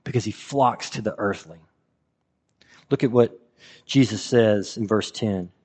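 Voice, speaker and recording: A man's voice: on the low side, a little slow, a little mellow, breathy edge. A man preaching a sermon in a conversational way, asking his listeners rhetorical questions. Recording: reverberant hall.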